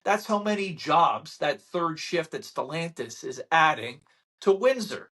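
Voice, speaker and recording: A man with a husky, slightly rough voice talks straight to camera about his local market. He rants with sarcastic mock quotes and builds up heat as he goes. His delivery stays casual and unscripted. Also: on the high side, big pitch swings, a little slow, fairly bright tone. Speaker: real estate channel host.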